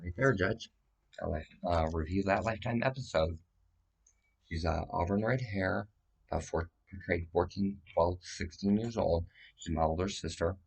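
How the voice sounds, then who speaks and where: A man's voice: low-pitched, moderate pace, vocal fry, slightly rough. A man giving a rambling, profane, agitated monologue that jumps from claim to claim.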